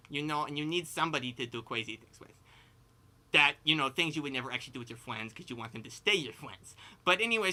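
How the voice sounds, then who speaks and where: Here the performer's rambling cartoon pig comes through at medium pitch, pushed and bright. The character lisps, swaps r for w, laughs in the middle of sentences, and leans constantly on "like" and "you know" in improvised comic storytelling.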